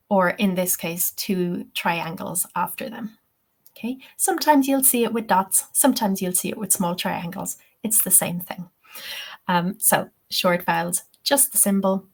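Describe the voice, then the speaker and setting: An Irish woman leads a webinar lesson at a very unhurried pace, laying out each point patiently. She keeps checking in with her listeners as she goes. Her voice sits at an ordinary, middle pitch. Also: gravelly. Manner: patient, explains step by step, checks in with "okay?". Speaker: TEFL teacher.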